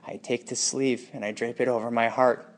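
A man speaking a raw, emotional personal monologue, anguished and bitter, moving between hushed and intense delivery. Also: medium pitch, level tone, moderate pace.

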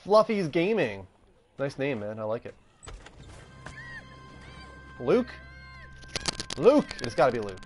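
A man's voice: medium pitch, sing-song, a little fast, faint music behind. A man streaming a video game live, making wry, chatty remarks and greeting viewers. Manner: chatty, wry, laughing asides to chat. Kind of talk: live gameplay commentary.

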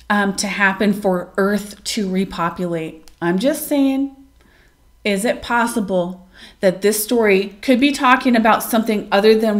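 Woman reading an ancient myth aloud. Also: mid-range voice. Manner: measured, solemn reading; casual, musing commentary. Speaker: channel host. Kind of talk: reading an ancient text aloud, then commentary.

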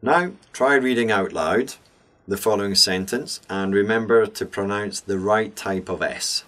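A man presents a scripted English pronunciation lesson in a low voice. He moves slowly and deliberately, shaping each consonant with care so learners can copy him. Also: a bit bright. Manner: slow, deliberate, clearly enunciated.

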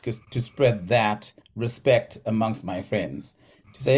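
A man's voice: lowish voice, slow, a little mellow. A middle-aged man from South Africa with a South African accent, a podcast guest talking in a thoughtful way with many fillers and restarts. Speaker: physical therapist, podcast guest. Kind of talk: conversational interview.

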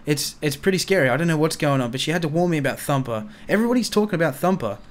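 An excitable young man with a voice pitched a little above most men's. He improvises a casual roleplay scene, jumpy and quick to panic. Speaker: roleplay player.

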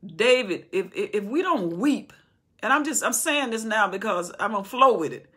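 A woman preacher teaches scripture with fervent, conversational energy, circling back and repeating words as she builds her point. Her voice is bright and forceful, with a husky grain. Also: medium pitch, expressive, moderate pace. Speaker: Bible teacher. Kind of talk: impassioned Bible study sermon.

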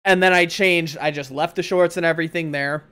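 Brisk and smooth with a slightly high voice, this young man hosts a podcast and spins a story for his friends. He curses freely and animatedly performs the voices of the people in it.

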